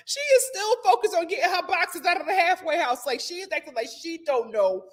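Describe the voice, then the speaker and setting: A woman with a bright, high voice that leaps all over the place as she recaps a reality show. She tells the scenes dramatically, chats casually with her viewers and acts out what the people on screen said. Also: fairly quick. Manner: animated, dramatic retelling with gasps and playful acted-out quotes. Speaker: host of a reality TV review show. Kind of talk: casual recap to a live audience.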